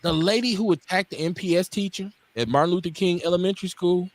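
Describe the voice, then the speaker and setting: A Milwaukee man in his forties hosts a casual talk radio show, speaking in a high voice at a quick clip with no echo. He's blunt and profane, an animated storyteller who acts out the quotes and people in his stories.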